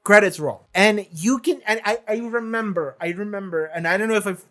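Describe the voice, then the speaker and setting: A reaction-channel host talking casually in a question-and-answer vlog, animated and emphatic, with lots of filler words and casual swearing. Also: medium pitch, a little fast. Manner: acts out quoted lines in shifted voices.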